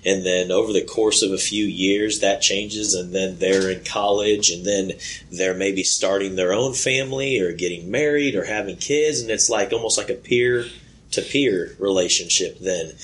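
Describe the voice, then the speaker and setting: A man speaking at a church workshop about youth ministry, earnest and a bit halting. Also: lowish voice, rough recording. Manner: earnest, halting, many fillers. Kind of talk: workshop talk. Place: conference room.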